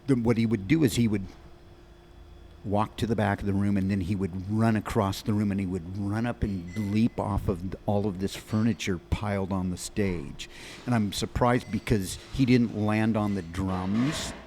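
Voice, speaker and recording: A man in his sixties, a musician guest on a podcast, telling long anecdotes in quick animated bursts with many restarts. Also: lowish voice, a little hiss or hum. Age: 60s. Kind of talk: rambling storytelling in an interview.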